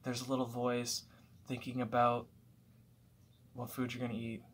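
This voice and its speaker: A man's voice: mid-range voice, completely flat delivery, normal speed, a bit bright, slight background noise. Man musing at home, thoughtful and rambling. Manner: thoughtful, rambling, with restarts and filler words. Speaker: vlogger. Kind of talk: casual reflective monologue.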